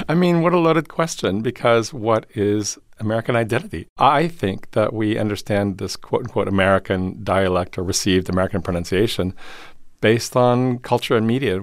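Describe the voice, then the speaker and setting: A man who teaches theater and voice, a guest in a studio interview, talking in an animated way with sudden jumps up in pitch for emphasis and easy laughter. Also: no room sound.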